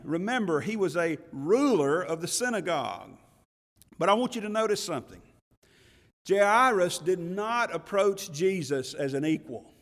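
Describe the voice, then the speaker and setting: A man preaches a sermon with earnest conviction, leaning on rhetorical questions and repeated phrases. His voice sits fairly high for a man. The sound rings with long reverb, as in a church hall. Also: fairly bright tone.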